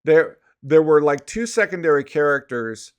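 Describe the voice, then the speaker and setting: A man's voice: a little high, sing-song, normal speed, clear, resonant tone. A man co-hosting a podcast, chatting casually about films in a laid-back way with plenty of agreeing fillers. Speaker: podcast co-host. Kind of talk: casual chat about movies.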